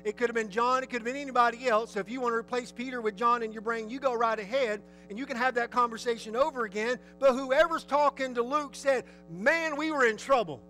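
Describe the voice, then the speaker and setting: A man's voice: very high voice, quick pace, hardly any pauses, faint music behind, rough recording. A man preaching a sermon, telling the story vividly and asking his listeners questions. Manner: lively, storytelling, asks the audience questions.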